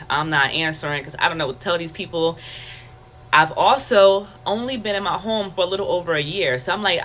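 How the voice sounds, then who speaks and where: A woman with a lowish voice shares her personal faith testimony candidly and conversationally, with a little hiss or hum in the background. As a testimony vlogger, she tells it animatedly, acting out her own thoughts as quoted self-talk.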